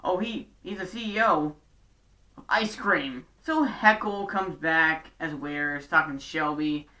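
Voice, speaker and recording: A woman recapping a TV episode in a chatty, sarcastic way. Her voice is bright and forceful. She sits some distance from the mic. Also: low voice, measured pace. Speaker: show recap vlogger.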